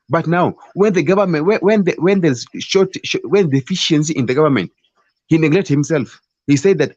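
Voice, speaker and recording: Impassioned Kenyan man, husky and lo-fi. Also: a little high, a little fast, a little mellow, no room sound. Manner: passionate, repeats and restarts words often. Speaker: debate participant. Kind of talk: political debate speech. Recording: dull, lo-fi online call audio.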